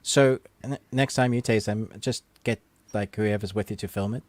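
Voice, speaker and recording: Wry low-voiced man on a podcast. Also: fairly even intonation, normal speed, dry recording. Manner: wry, laughs often, teasing. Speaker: podcast co-host. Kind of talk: casual chat.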